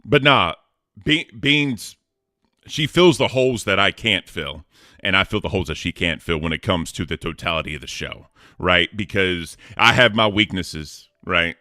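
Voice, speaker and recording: A man with a very deep but bright, forceful voice, recorded close and dry. He banters as a podcast co-host in a slangy, laid-back way with deadpan humor. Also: moderate pace, no room sound.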